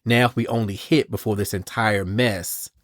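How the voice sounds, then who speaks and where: A thrill-seeking young ninja woman tosses off breezy quips, voiced by a man reading aloud. The low voice comes through a dry, close mic. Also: fairly even intonation, normal speed, dry recording, natural voice.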